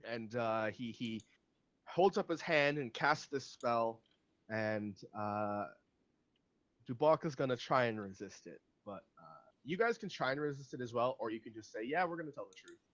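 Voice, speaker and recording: A man runs a tabletop game as its narrator, hesitant and pausing often. His pitch is middling, and the audio sounds dull and lo-fi. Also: animated, a bit bright, no room sound. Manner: hesitant, full of fillers. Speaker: game master.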